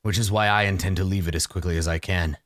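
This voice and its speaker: A man voicing a weary, bitter ancient male vampire, speaking slowly and gravely. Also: deep voice, fairly even intonation, a bit bright, dry recording, studio quality, pitched below the performer's own voice. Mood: brooding. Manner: grave, slow and brooding.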